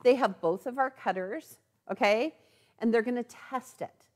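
A woman's voice: fairly high pitch, measured pace. A woman giving a chatty live product demonstration in a sewing store, often checking in with "okay?". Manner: chatty, animated, tags lines with "okay?".

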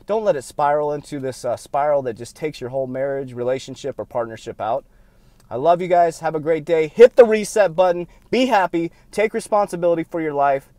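A man, a motivational speaker and success coach, talking candidly to his viewers in an emphatic, repetitive way that swings from loud bursts to quiet admissions, short on sleep. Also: on the high side, fairly quick, no room sound.

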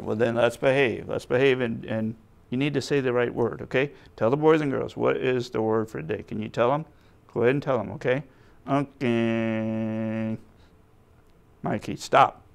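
A man's voice: medium pitch, gravelly. A man leading a children's church puppet skit, patiently coaxing the puppet and talking to the boys and girls.

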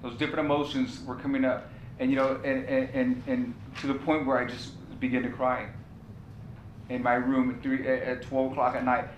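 A man's voice: level tone, normal speed, lo-fi sound. A male pastor preaching a sermon, telling a personal story with passion and repeating key phrases. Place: church sanctuary. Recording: echoey church room with faint rumble.

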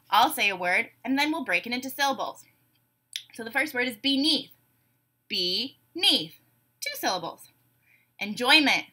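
A woman teacher with a bright, clear voice runs a phonics drill for young children. She speaks slowly, stretching each word out and dropping in cheerful praise. Her voice sits a little high for a woman. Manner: slow, drawn-out words with upbeat praise. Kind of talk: phonemic awareness lesson for young children.

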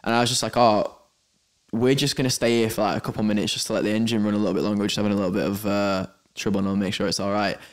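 Lowish-voiced guy rambling through a story on a chatty podcast, lots of restarts. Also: little pitch movement, racing, smooth. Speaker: podcast co-host, pilot. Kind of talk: casual chat. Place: indoors at a venue.

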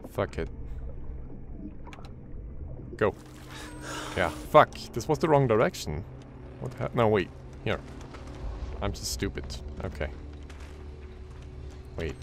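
A man giving casual let's-play commentary on a horror game, with a deep voice, swearing often and talking to himself as he plays. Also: background noise. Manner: swearing, jumpy, talks to himself. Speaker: gaming YouTuber.

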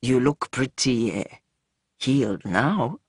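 A man's voice: medium pitch, lively intonation, slow pace, husky, no room sound, studio quality, voice pushed down, exaggerated voice. A narrator voicing a frightened young man trapped in a cage, who pleads desperately and halts between words. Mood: desperate, pleading.

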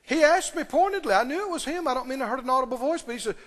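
A man's voice: very high-pitched, very fast, fairly bright tone, in a large hall. A man preaching a sermon, emphatic, repeating key phrases and putting questions to the congregation. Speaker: pastor.

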